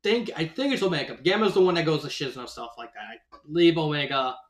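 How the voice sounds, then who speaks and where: Man, slightly high voice, rambling casual review, lots of fillers, echoey room. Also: lively intonation, a little fast. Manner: rambling, many fillers and restarts; laughs at his own retelling. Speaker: story reviewer. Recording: roomy echo.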